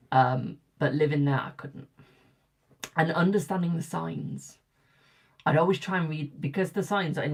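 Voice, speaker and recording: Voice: mid-range voice, vocal fry, darkish tone. A young adult tarot reader from Britain chatting casually with live viewers, rambling and repeating phrases for emphasis.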